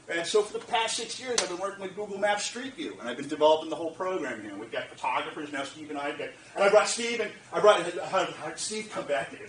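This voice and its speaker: A man telling a lively story to a lecture audience, laughing, repeating phrases and checking in with the listeners. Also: high voice. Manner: animated, laughing, repeats phrases, asks the audience "you get what I'm saying?". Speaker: speaker at a lecture event. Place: lecture room. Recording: roomy, distant from the mic, faint ambience.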